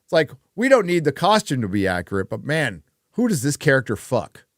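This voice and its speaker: A man's voice: mid-range voice, huge pitch swings, fairly quick, no room sound, studio quality. A man hosting a casual livestream chat, ranting with plenty of swearing and reading out viewer donations. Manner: profane, ranting. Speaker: host; reads viewer donations aloud.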